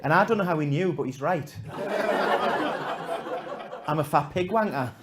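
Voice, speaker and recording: A man doing stand-up comedy, telling a story to a live audience in a self-mocking way, swinging from loud punchlines to hushed asides. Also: on the high side, animated, moderate pace, a crowd in the background.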